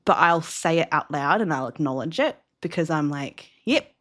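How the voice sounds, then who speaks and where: A woman's voice: low voice, animated, normal speed, a bit bright. A woman co-hosting a podcast, chatting casually and reflecting on her own habits, laughing easily. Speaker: podcast co-host. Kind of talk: casual chat.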